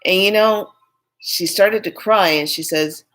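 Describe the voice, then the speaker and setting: A woman's voice: medium pitch, a little slow, a bit bright. A woman telling a personal story in a candid, rambling, emphatic way. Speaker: spiritual vlogger.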